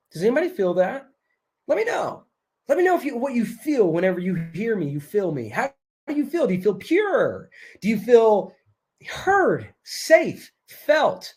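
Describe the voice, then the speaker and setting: A man coaching a live online masterclass, moving between hyped, self-assured motivational talk and soft hypnotic repetition that drops almost to a whisper. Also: sits high, wildly swooping pitch, measured pace.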